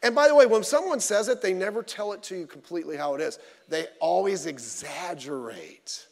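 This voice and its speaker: High-voiced male preacher in a reverberant hall. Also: brisk. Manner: conversational, animated, acts out quoted voices. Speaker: pastor. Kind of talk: sermon.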